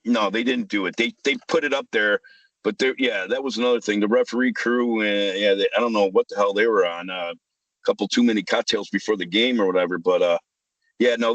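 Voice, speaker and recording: A man's voice: on the low side, fairly bright tone, no room sound, low-quality recording. A man, hosting a casual sports chat, ranting heatedly, swearing and repeating himself. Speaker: sports podcast host.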